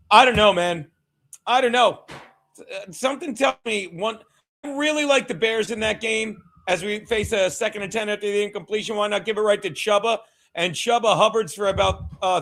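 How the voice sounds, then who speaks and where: A man hosting a casual sports watchalong stream, talking excitably with profanity and joking asides to his chat. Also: high-pitched, low-quality recording. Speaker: livestream host.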